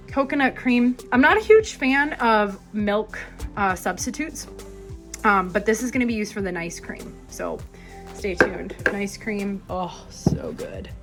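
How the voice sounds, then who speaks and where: A young woman chiropractor from Minnesota, chatting enthusiastically in her kitchen as she unpacks her groceries. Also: medium pitch. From Minnesota, USA. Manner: chatty and enthusiastic, drawn-out words. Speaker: chiropractor vlogger. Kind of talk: casual kitchen vlog. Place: home kitchen.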